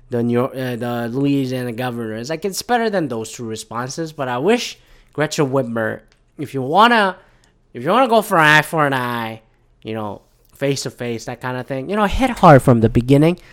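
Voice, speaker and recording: A man's voice: medium pitch, expressive, normal speed, a bit bright. Brief: male podcast host from Michigan, sweary, rambling, sarcastic political rant. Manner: profane, rambling, sarcastic, mocking voices of others.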